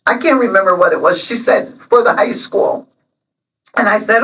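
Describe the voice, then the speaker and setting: A woman's voice: medium pitch, normal speed, a bit bright, distant mic, low-quality recording. Seventies lady telling stories on a local interview show, lots of ums, kinda off mic. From Illinois, USA. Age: 70s. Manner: emotional, storytelling, many ums. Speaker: interview guest, local alderman. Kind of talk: casual interview chat.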